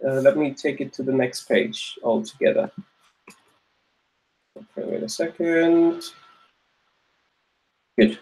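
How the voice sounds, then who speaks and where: A man's voice: mid-range voice, slow, pauses often, darkish tone. A man teaching an online grammar class, patiently repeating each point and checking that students follow. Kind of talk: online Arabic grammar lesson.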